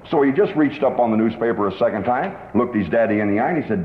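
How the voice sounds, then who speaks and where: A man's voice: medium pitch, lively intonation, fast. Emphatic male sales lecturer in a hall. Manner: emphatic storyteller. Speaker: sales trainer. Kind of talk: sales seminar lecture with anecdotes. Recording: roomy hall, dull lo-fi tape.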